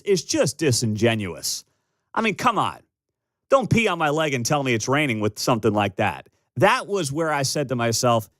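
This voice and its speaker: On his Midwestern talk radio show, a man with a slightly high voice speaks briskly, recorded on a studio mic with no echo. He has a Midwestern American accent and rants with animated sarcasm, putting on mocking voices for those he disagrees with in an opinionated monologue.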